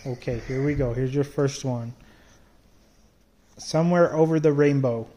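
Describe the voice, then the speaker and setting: A man talking casually with his young child in a home video, soft-spoken, patient and coaxing as he quizzes them. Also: mid-range voice, moderate pace, slight background noise, rough recording.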